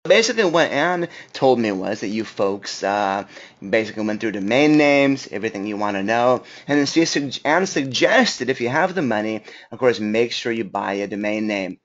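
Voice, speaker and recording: A man's voice: mid-range voice, lively intonation, moderate pace. Chatty man hosting a live webinar. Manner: chatty, greets viewers, many fillers. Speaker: webinar host. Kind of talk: casual live webinar talk. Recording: slightly dull lo-fi audio.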